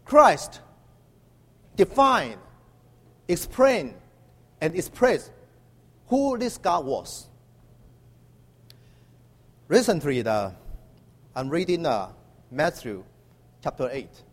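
High lively preacher in a reverberant hall. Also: male voice. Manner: halting with many uh fillers, emphatic call-and-response. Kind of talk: sermon.

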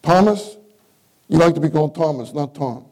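A man's voice: on the high side, normal speed, a little mellow, low-quality recording. A male preacher giving a conversational sermon at a church meeting, often putting questions to his listeners. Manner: interactive, questions the congregation.

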